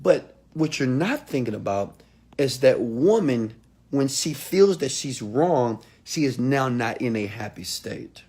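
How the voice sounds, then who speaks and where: Husky, emphatic motivational speaker man. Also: medium pitch, expressive, a little slow. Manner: emphatic, swings between loud outbursts and quiet asides. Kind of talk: motivational talk to camera.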